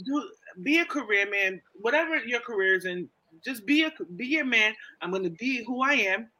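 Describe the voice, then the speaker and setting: Bright, high-voiced blunt woman. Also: lively intonation, moderate pace. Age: 30s. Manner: blunt, laughing and teasing. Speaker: podcast co-host. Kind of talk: casual chat.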